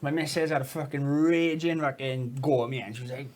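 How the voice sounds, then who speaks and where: A man's voice: medium pitch, flat delivery, fairly quick. A man with a Welsh accent, co-hosting a podcast, telling a story to friends in a sweary, laughing way. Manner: sweary, laughing through his own stories. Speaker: podcast co-host. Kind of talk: casual storytelling among friends. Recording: noisy podcast recording.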